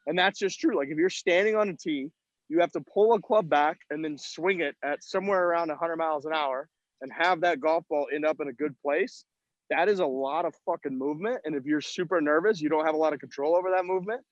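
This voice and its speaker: Talking fast, a podcast co-host with a slightly high voice rambles through casual, foul-mouthed stories that poke fun at his own golf game. He's on the line from an outdoor golf event, and the sound comes through dull and lo-fi with little echo from the room.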